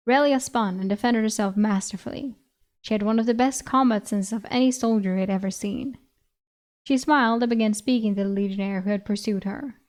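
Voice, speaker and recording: A woman's voice: a little high, a little mellow. A woman streamer reading a fantasy novel aloud, laughing often and breaking off with casual asides. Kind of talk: audiobook reading with reaction commentary.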